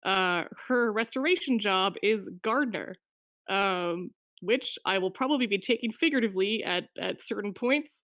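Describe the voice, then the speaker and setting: A woman's voice: mid-range voice, moderate pace, a bit bright, dry recording. A woman player rambles casually through her character's details, restarting her sentences and laughing often. Her voice sits in the middle of her range. It comes through a home mic on a video call, dry and a bit muffled. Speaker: player in a tabletop game.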